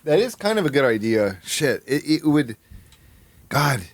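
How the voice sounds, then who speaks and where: Guy on a live stream, swearing a lot, yelps up high now and then, dry close sound. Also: measured pace, no echo. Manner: excitable, swears a lot, sudden high-pitched outbursts; self-mocking, thinking aloud. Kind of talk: casual live-stream chat.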